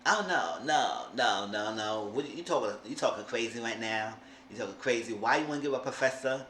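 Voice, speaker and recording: A man's voice: medium pitch, normal speed, fairly bright tone, close to an everyday voice. Man doing a scolding older mother. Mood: indignant. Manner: indignant, emphatic. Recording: roomy room with faint hiss.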